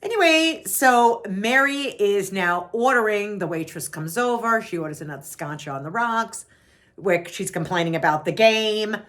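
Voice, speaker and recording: A woman's voice: mid-range voice, normal speed. An older woman from Long Island with a New York accent tells a casual story straight to her viewers. Her voice swings up and down a lot. She repeats her lines and keeps the talk chatty. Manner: chatty, repeats herself, animated. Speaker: vlogger.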